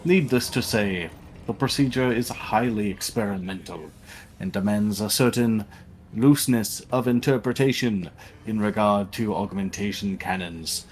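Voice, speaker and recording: A man reading game dialogue aloud as an excitable old male tech-priest scientist, lecturing grandly. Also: on the low side, a little hiss or hum, lightly acted.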